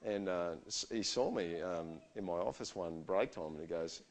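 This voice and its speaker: Middle-aged male preacher, slightly low voice, conversational and animated storytelling. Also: normal speed, hardly any pauses. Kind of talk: sermon with personal stories.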